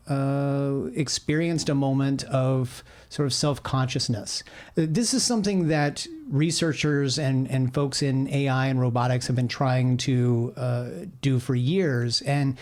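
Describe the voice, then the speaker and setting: A man co-hosting a podcast in casual chat, halting and filling pauses with "uh". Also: medium pitch, darkish tone. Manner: hesitant, many fillers. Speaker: podcast co-host.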